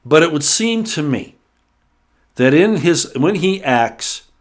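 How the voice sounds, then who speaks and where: A man's voice: a little high, expressive, slow. A middle-aged man hosting a solo political commentary show, talking emphatically with frequent restarts and repeated words, pushing harder on his key points.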